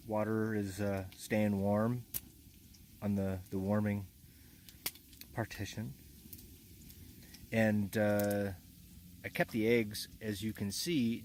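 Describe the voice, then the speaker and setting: Male camping vlogger, low voice, sleepy, halting and rambling, faint outdoor ambience. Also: slight background noise, rough recording. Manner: rambling, halting, many fillers. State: groggy just after waking. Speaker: motocamping vlogger. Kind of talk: casual camp vlog. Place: inside a hot tent with a wood stove.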